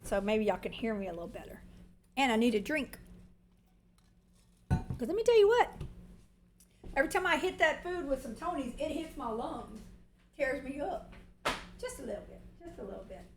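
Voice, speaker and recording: A woman rambles warmly through her cooking livestream, folksy and chatty. Her voice sits high, and the home kitchen rings with a noticeable echo around her counter mic, with a faint hiss underneath. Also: lively intonation, brisk. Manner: chatty and long-winded, folksy. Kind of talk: casual cooking livestream chat. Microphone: mic set on the counter.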